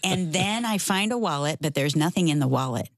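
A middle-aged woman telling a personal story in casual conversation, animated and acting out the voices of the people in it. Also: deep voice, fairly quick. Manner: animated, acts out quoted voices. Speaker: guest.

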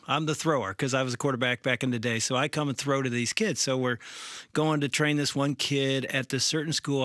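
A man's voice: medium pitch, dry recording, clean studio sound. A middle-aged man, a pastor and co-host, telling a story in casual chat and acting out the quotes. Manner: animated storyteller, acts out quotes.

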